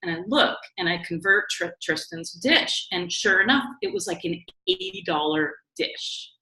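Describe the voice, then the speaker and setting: Bright-voiced woman telling a story. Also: mid-range voice, vocal fry. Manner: animated, quick storytelling with many likes and you knows. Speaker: talk show co-host. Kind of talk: casual storytelling chat. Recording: echoey room.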